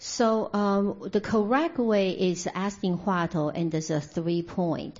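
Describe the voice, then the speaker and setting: Woman, mellow dark voice, interpreter, hesitant, many fillers, dull lo-fi recording. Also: medium pitch, slow pace. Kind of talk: consecutive interpreting of a dharma talk.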